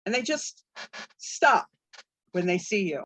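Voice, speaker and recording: Slow, halting woman game master. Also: mid-range voice, big pitch swings, fairly bright tone, no room sound. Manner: halting, with many fillers. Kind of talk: narrating a tabletop game.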